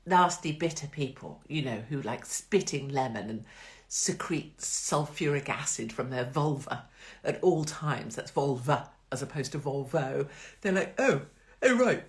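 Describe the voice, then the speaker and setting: Low-voiced woman host, chatty and blunt. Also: a little slow. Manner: chatty, laughs often, sarcastic and blunt. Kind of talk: casual live-stream chat.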